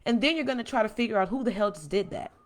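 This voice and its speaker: A woman's voice: fairly high pitch, rapid-fire. Blunt, emphatic woman podcaster. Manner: blunt, emphatic, preachy, profane; builds from calm to loud and emphatic. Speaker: podcast host. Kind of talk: impassioned monologue.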